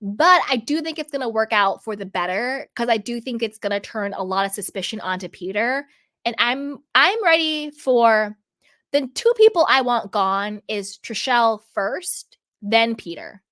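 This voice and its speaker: A woman's voice: on the high side, normal speed. A woman host giving sassy, casual commentary on a reality show, often acting out what people say. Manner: sassy, animated, mimics people in quotes.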